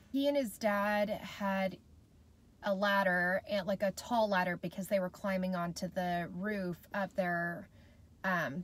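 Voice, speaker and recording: A woman in her thirties tells a childhood story to her camera as a mom vlogger. Her voice sits in an ordinary middle register. She sounds casual, chatty and heartfelt, and she speaks right to her viewers. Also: mid-range voice.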